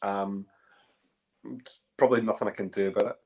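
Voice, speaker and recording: A man's voice: fairly low pitch, steady tone, a little fast, a little mellow. A man hosting a casual online chat, chatty and full of restarts. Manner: chatty, many restarts and fillers. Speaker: host. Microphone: online call.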